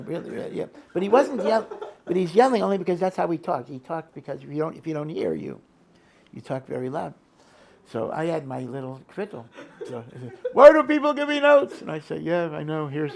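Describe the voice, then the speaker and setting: A man's voice: medium pitch, vocal fry, slight background noise. An older man teaching a rabbinic class in a loose, storytelling way, often restarting his sentences and mixing in Hebrew and Yiddish terms. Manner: acts out a loud, shouting old rabbi in quotes. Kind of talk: informal Torah lecture with stories.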